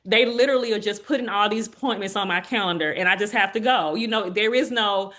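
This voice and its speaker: Woman in her 40s, earnest, telling her own journey on an interview, gets lively quoting people. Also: mid-range voice, quick pace, hardly any pauses. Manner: earnest, animated when quoting others. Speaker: interview guest. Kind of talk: heartfelt personal testimony.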